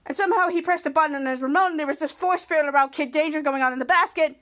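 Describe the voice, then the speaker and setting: A woman's voice: sits high, racing, fairly bright tone. A woman hosting a podcast, casually recapping a TV episode scene by scene, rambling with frequent restarts. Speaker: podcast host.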